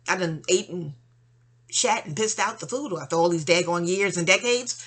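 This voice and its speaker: A woman's voice: medium pitch, moderate pace. A woman venting to a friend in a rambling, exasperated personal monologue, full of slang and side remarks. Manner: animated, exasperated storytelling with slang and asides.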